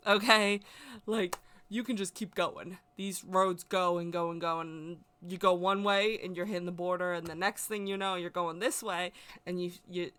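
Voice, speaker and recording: A woman's voice: lowish voice, fairly even intonation, moderate pace, a bit bright, smooth. A woman telling a personal story in a casual, emotional, rambling way, often repeating herself. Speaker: spiritual vlogger.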